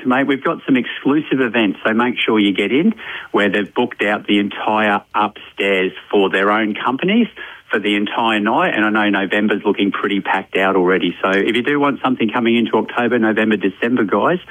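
A man's voice: fairly low pitch, brisk, fairly bright tone, no echo. A man phoning into a radio show as a pub manager, chatty and easygoing, padding his promo talk with fillers. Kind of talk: casual on-air phone chat. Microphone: phone. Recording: tinny phone line.

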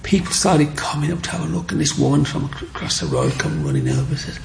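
Gravelly middle-aged guy telling his story in an interview, chatty, does little voices for people. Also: on the high side, quick pace, slight background noise. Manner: chatty, animated, acts out quoted voices. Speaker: guest, micro-sculptor.

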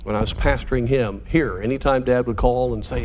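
A pastor delivering a sermon to parents in an earnest, measured way, slowing down on key phrases for emphasis. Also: male voice, medium pitch, steady tone, slight background noise.

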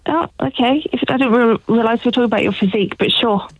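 A woman's voice: on the high side, quick pace, noisy background. A woman calling in to a radio show, playfully teasing her husband the host. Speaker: caller, host's wife. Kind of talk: casual phone chat. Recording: dull phone-line audio.

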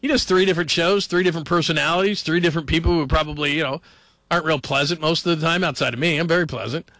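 A man's voice: on the high side, fast talker, bright, forceful tone, no room sound. A man hosting a late-night sports radio show in a rambling, joking, chatty way. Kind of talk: casual radio talk.

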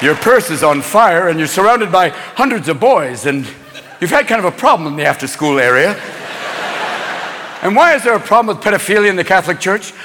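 A man performing a brash, rapid-fire stand-up routine, jumping into voices. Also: high-pitched, sing-song, in a large hall, crowd noise. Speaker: stand-up comedian. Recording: live club audience, noisy.

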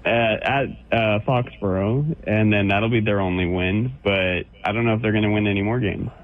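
A man's voice: fairly low pitch, steady tone, moderate pace. A man calling into a radio show, ribbing the host with rambling, laughing banter. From Orange County, California. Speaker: caller. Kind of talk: joking call-in banter. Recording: phone line.

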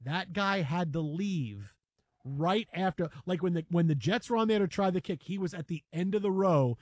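A man with a fairly high voice hosts sports radio from a studio, telling an animated story. The sound is dry and close. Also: moderate pace, no echo. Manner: animated storytelling, acts out shouting fans. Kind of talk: casual sports radio chat.

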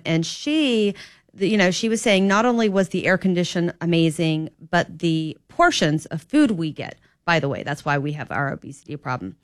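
A woman hosting an opinion talk radio show as a fill-in, talking in an animated, opinionated and rambling way into a studio microphone. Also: sits low, dry recording.

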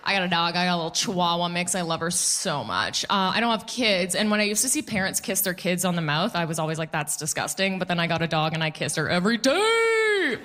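A woman in her thirties doing a stand-up comedy set on a club stage, animated and laughing at her own jokes as she talks to the crowd. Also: fairly low pitch, fast, few pauses.

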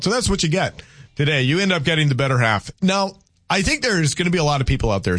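A man's voice: a little high, expressive, fast, a bit bright, dry recording. A man hosting a call-in radio talk show in a studio, chatting casually and rambling with self-deprecating humor. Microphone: studio mic.

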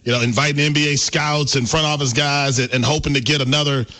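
Halting, bright-voiced male co-host. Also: fairly high pitch, fairly even intonation. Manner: halting, restarts a lot. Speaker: radio co-host. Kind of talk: sports radio interview and banter.

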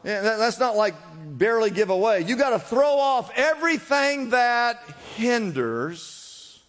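A man with a high voice preaches a sermon to his congregation. He calls out for responses and swings between forceful emphasis and hushed drops. His voice rings with the long reverb of a large church hall. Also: very animated, unhurried. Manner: preaching with call-and-response, rising and dropping emphasis. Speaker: pastor.

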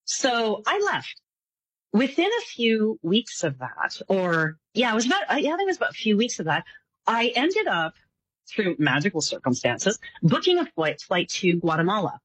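A woman's voice: mid-range voice, moderate pace, husky, dry recording, poor audio. A woman guest telling a personal story in a casual interview, acting out the voices of the people in it. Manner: animated, acts out voices in her stories. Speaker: psychic guest.

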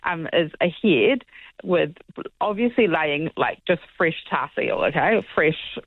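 Animated woman caller on a tinny phone line. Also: low-pitched, takes it slowly, no echo. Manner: animated, keeps checking in with "okay?". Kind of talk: casual storytelling on air.

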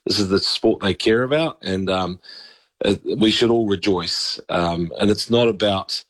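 A New man with a lowish voice gives his take on the week's sport. He rambles, restarts and piles on opinions. The sound is close and dry, with no room around it. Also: measured pace, no echo. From New Zealand. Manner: chatty, opinionated, with frequent restarts. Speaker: regular sports commentator. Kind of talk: casual radio sports chat.

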